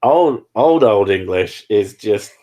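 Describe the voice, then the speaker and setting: A man's voice: on the low side, expressive, slow pace, mellow. A man streaming, chatting casually with crude jokes. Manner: joking, crude banter.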